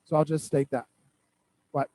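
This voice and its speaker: A man's voice: fairly high pitch, moderate pace, low-quality recording. A man coaching a real estate team at a weekly accountability meeting, giving direct, repeated instructions. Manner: direct, repetitive instructions with animated storytelling.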